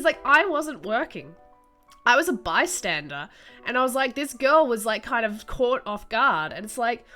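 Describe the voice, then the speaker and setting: A young woman telling a story while drawing, in an animated, swearing, casual way. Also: medium pitch. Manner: animated, swears freely, acts out reactions. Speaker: streamer.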